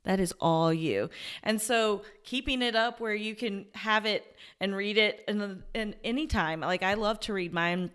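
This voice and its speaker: A woman's voice: medium pitch, fairly even intonation, measured pace, hardly any pauses, fairly bright tone, clean tone. A woman career coach as interview guest, earnest and enthusiastic, telling stories about her clients and laughing easily. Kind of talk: conversational interview.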